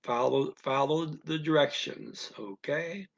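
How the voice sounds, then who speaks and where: On a live stream, a male language teacher gives a listening lesson, speaking slowly and patiently, repeating instructions and asking "okay?" again and again. His voice is a little high and creaky, and the recording's highs are cut off.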